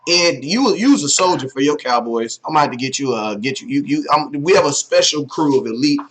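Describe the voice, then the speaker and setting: A man's voice: fairly high pitch, animated, fairly quick, fairly bright tone, a little hiss or hum, low-quality recording. A man hosting a live sports talk stream, chatting casually in slang and greeting viewers one by one by name.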